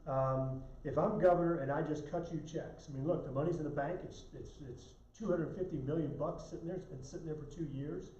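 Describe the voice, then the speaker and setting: A man answers viewer questions on a live stream, blunt and emphatic, tripping over his restarts as he pushes his point. His voice sits a little high for a man but sounds mellow and dark. The sound is roomy and slightly dull. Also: brisk, few pauses. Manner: blunt, emphatic, self-correcting.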